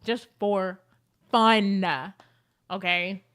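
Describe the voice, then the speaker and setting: A young adult woman chatting casually to camera as a beauty vlogger, telling animated stories with lots of fillers. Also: medium pitch, very slow.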